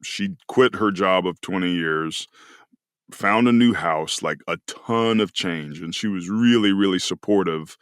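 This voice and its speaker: A man's voice: low-pitched, unhurried, a bit bright, clear, resonant tone, no echo, studio quality. A man in his forties from California, a podcast guest and former football player, telling a personal story in an earnest, reflective, emotional way. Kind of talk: casual storytelling conversation.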